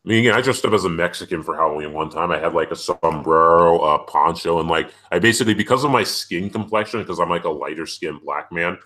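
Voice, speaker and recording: A man hosting a casual chat over a video call, talking in an animated, opinionated, ranting way. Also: low-pitched, fast, hardly any pauses. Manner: animated, ranting, frequent "it's like". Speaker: podcast host.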